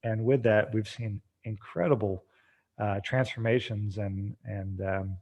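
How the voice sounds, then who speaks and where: A man speaking as a podcast guest, an energetic storyteller who acts out bits of dialogue. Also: on the low side, measured pace. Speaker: guest, treatment center founder. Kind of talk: podcast interview.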